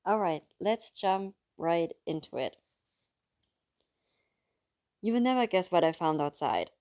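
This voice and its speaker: A woman's voice: fairly low pitch, lively intonation, slow pace, darkish tone. A woman with a German accent, a native German speaker, chatting casually about a book and reading from it aloud, in a chatty, apologetic way. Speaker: book reader.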